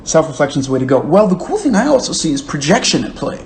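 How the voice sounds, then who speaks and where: A man's voice: on the high side, sing-song. Earnest man in a roomy room. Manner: earnest, thoughtful, halting with stammered restarts. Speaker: book club host. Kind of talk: casual livestream chat reading comments. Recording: roomy echo with faint room noise.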